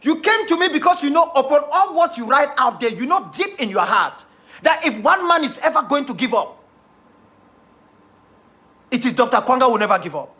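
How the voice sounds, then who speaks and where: A man's voice: very high voice, very animated, moderate pace, long pauses, sharp tone. A man with a Cameroonian English accent giving a defiant, impassioned monologue to his followers, repeating key phrases for emphasis. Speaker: activist leader addressing followers.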